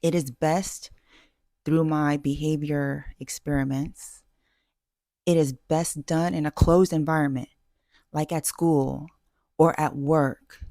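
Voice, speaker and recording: A woman's voice: low-pitched, fairly even intonation, slow pace, pauses often, dark tone, no echo, clean studio sound. A woman vlogger giving dating advice in a casual, self-assured way, emphatic and full of fillers and restarts. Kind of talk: casual talking-head advice.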